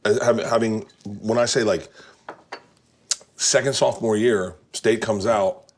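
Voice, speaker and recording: A man hosting, telling stories in a casual chat with loud, excited bursts. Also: lowish voice, unhurried, a little hiss or hum. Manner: animated storyteller, gets loud and excited. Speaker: host.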